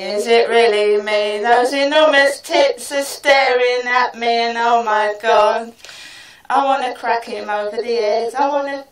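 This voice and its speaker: A woman's voice: a little high, fairly even intonation, a little slow, a little hiss or hum. British woman half-singing a comic song. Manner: rambling half-sung storytelling. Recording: echoey room, far from the mic.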